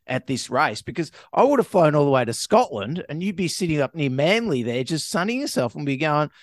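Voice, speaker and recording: A man's voice: a little high, big pitch swings, brisk, dry recording. A man co-hosting a casual chat, reading news items aloud, playful and laughing often. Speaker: co-host.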